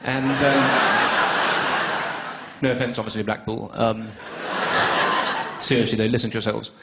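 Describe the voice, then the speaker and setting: A man's voice: on the low side, steady tone, creaky, heavy background noise. A man with a posh English accent performing a dry, self-mocking stand-up comedy set on stage. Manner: dry, self-mocking, drawn-out delivery with pauses for laughs. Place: comedy stage before a live audience.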